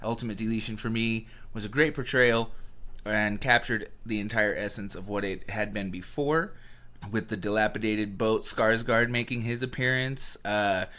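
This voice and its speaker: A man co-hosting a podcast in casual chat, excitable and swearing freely, with mock rants. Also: on the low side, normal speed. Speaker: podcast co-host.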